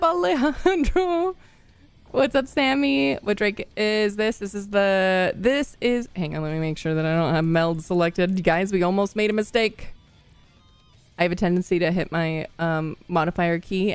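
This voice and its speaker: With a lowish, clear, resonant voice, a young woman from the Midwest talks loosely with her stream audience as a gamer. She wanders through anecdotes, laughs a lot, and says hello to people as they join.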